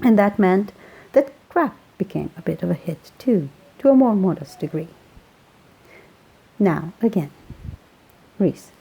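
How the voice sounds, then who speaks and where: A woman's voice: medium pitch, expressive, unhurried, creaky, pauses often, warm tone, slightly rough, poor audio. A woman reading a fan story aloud as a modest amateur reader. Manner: modest, apologetic.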